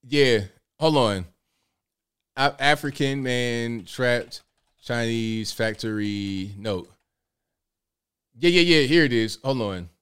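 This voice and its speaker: A man's voice: mid-range voice, slow, long pauses, fairly bright tone, clear, resonant tone. A man hosting a live show, talking in a casual, blunt, rambling way and riffing with rhetorical questions. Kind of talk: casual livestream commentary.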